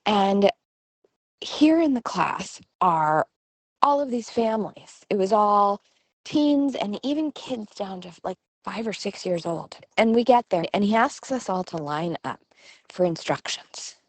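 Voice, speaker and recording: A middle-aged woman hosting a podcast, telling a personal story in a lively way and acting out the voices of people she quotes. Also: mid-range voice, a little slow, dry recording. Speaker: podcast host. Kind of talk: storytelling monologue.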